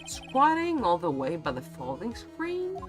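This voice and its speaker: A woman voicing an earnest young male defense lawyer, arguing firmly and deliberately. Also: medium pitch, huge pitch swings, music in the background.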